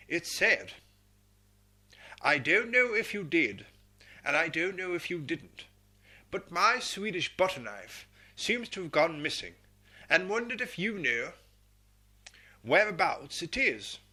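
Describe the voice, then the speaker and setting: A man's voice: fairly high pitch, sing-song, unhurried, pauses often, pushed and bright, slightly rough, exaggerated voice. A man voicing a pompous, hearty elderly English officer with a posh southern English accent and old-fashioned slang. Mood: pompous jolly.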